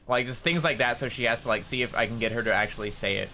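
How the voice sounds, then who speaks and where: A man chatting casually on a gaming livestream, profane and excitable, jumping into high-pitched outbursts. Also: fast talker, hardly any pauses, a little hiss or hum. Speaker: VTuber streamer.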